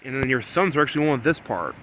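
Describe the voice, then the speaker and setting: A man in a rambling solo monologue, repeating himself and swinging between low muttering and loud, insistent scolding. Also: sing-song, rapid-fire, a little hiss or hum. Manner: repetitive, talks about himself in the third person. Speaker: vlogger.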